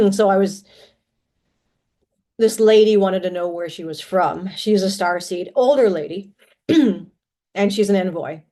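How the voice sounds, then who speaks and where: A woman telling personal stories in a casual monologue, rambling with many restarts and often clearing her throat. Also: medium pitch, slow, pauses often, warm tone.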